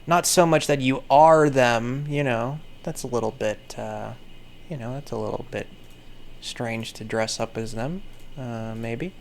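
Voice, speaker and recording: A man's voice: mid-range voice, measured pace, vocal fry, a little hiss or hum. A man giving casual comedic commentary on animal pictures, swearing, rambling and laughing often.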